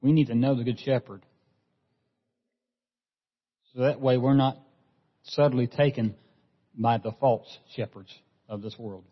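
A man's voice: mid-range voice, fairly even intonation, moderate pace. A man preaching a sermon as pastor, earnest, often repeating a word as he restarts a phrase. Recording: dull lo-fi sound with long hall reverb.

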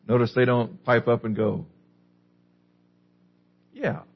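A man's voice: on the low side, measured pace, vocal fry, slightly rough. A man preaching a sermon, putting questions to the listeners and then answering them. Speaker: pastor. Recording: dull lo-fi recording.

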